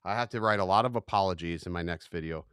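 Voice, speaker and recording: A young man hosting a livestream in casual chat, rambling and self-mocking, quick to get fired up. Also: low voice, a bit bright, clear, resonant tone, dry recording, clean studio sound. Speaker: livestream host.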